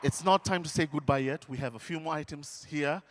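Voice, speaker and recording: Energetic man coaxing a crowd. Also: on the high side, brisk, background noise. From Fiji. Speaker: stage presenter teaching an audience. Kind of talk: call-and-response lesson to a live audience. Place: large indoor hall, live event. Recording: echoey large hall.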